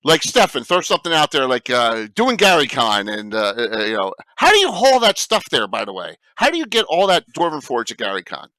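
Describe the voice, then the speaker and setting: A man hosting a casual panel chat on a video stream, talking in a halting way with many fillers. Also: mid-range voice, big pitch swings, bright, forceful tone, no room sound. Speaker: host.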